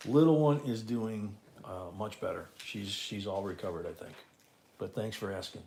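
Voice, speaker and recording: A man's voice: on the low side, normal speed, darkish tone, a little hiss or hum. A man hosting a casual live coin auction, calling out bids and chatting with viewers from home. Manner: chatty, repeats bids and co-host's remarks.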